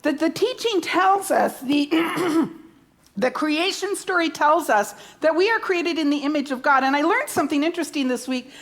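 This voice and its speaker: A woman's voice: high voice, animated, normal speed. A woman minister preaching a sermon, emphatic, repeating key words and asking rhetorical questions.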